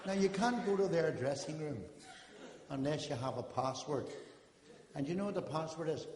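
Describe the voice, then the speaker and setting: An older man doing a stand-up comedy routine on a live stage, telling jokes in quick patter and quoting the people in his stories. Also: on the high side, lively intonation, background noise. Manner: joke-telling with character quotes, rapid patter. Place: live theatre stage with audience. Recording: echoey hall recording, faint ambience.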